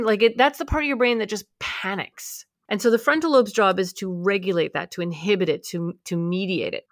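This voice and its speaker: A woman explaining how anxiety works in an emphatic, quick conversational way. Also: mid-range voice, dry recording, clean studio sound. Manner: emphatic, quick, voices the anxious mind in asides.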